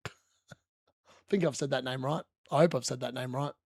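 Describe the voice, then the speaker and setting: A man giving chatty, excitable live commentary on a fantasy football watch-along stream, laughing often and correcting himself as he goes. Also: medium pitch, moderate pace, vocal fry, no echo, studio quality. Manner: corrects himself mid-sentence.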